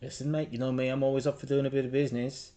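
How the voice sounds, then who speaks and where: A shrewd, businesslike street dealer, a woman as a man puts her on for a tabletop game. She is easygoing and casual, calling everyone mate while weighing up a deal. The voice sits at an ordinary male pitch. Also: flat delivery, very fast, dark tone, natural voice. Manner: easygoing, calls people mate.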